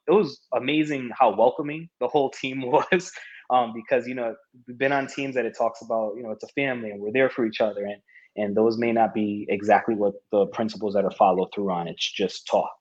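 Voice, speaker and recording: A man in his thirties with a low voice tells his story as a podcast guest, chuckling often and voicing the people in it. The audio sounds dull and lo-fi. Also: fairly quick. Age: 30s. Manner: animated storyteller who laughs often and acts out quoted lines. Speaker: podcast guest, martial arts competitor. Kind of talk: casual interview storytelling.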